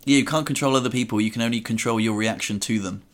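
A man's voice: mid-range voice, fast. Reflective man hosting a podcast. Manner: reflective storyteller. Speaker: podcast host. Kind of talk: casual conversation.

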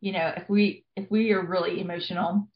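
A woman's voice: fairly low pitch, little pitch movement, a little fast. A woman in her thirties, a family therapist, explaining things earnestly in a conversational interview with frequent fillers. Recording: echoey, dull lo-fi sound.

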